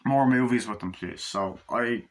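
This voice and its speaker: A man's voice: lowish voice, unhurried, noisy background. Breathless man rambling through a movie review. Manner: rambling, profane, acts out scenes in loose paraphrase. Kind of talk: casual spoken movie review.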